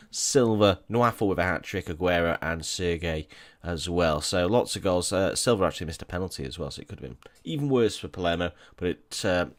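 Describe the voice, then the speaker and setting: Deep-voiced chatty man. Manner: chatty, self-correcting, wry asides. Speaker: gaming YouTuber. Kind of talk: casual game commentary.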